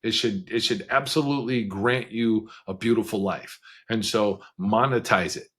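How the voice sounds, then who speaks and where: A man speaking as a podcast guest, telling his story in a frank, conversational way with quick bursts of speech and occasional laughs. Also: on the low side, fairly even intonation, a bit bright, husky. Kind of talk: candid storytelling interview.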